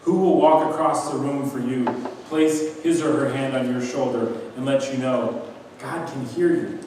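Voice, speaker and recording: A man's voice: mid-range voice, fairly even intonation, moderate pace, a little mellow, a little hiss or hum. A man preaching an earnest, emphatic sermon as pastor in a church sanctuary, building his points through repetition. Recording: echoey church hall from far off.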